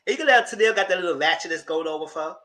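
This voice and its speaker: A man's voice: high voice, expressive, rapid-fire, pushed and bright. A man recapping a reality TV show in casual, gossipy commentary, talking dramatically to his viewers. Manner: gossipy and dramatic, talks to the audience as "girl". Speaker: TV recap vlogger.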